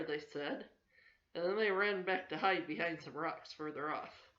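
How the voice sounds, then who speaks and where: Older woman, grandmother reading a storybook, gentle, steady, echoey room, dull lo-fi sound. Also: sits low, measured pace. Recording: roomy, slightly dull home recording.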